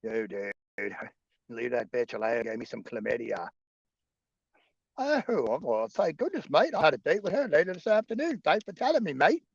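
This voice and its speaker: A man's voice: a little high, very animated, moderate pace, gravelly, slightly rough, dry recording, full character voice. A man voicing a crude, gossiping male koala with a put-on Australian accent, on a slightly muffled mic. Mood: teasing. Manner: crude, teasing banter.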